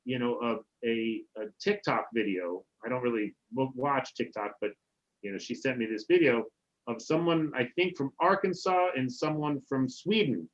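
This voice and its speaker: A man, a rabbi, teaching a relaxed Hebrew class over a video call, often checking in with "right?". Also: medium pitch, normal speed, lo-fi sound. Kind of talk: casual online class teaching.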